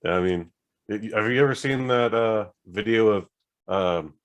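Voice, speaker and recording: A man's voice: on the low side, measured pace. A man co-hosting a podcast, riffing jokes in casual banter with frequent restarts. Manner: jokey, riffing, hesitant restarts. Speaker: podcast co-host.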